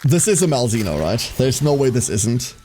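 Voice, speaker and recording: Male streamer, casual sweary play-by-play, lively up-and-down delivery. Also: medium pitch, normal speed, faint music behind. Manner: sweary, wry play-by-play with laughs. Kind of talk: casual gaming commentary.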